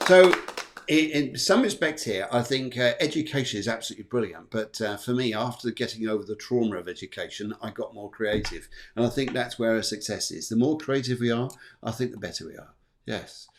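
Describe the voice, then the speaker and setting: A man's voice: mid-range voice, expressive, brisk. A man hosting a live astrology show, chatting playfully and reading out viewer comments. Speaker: host.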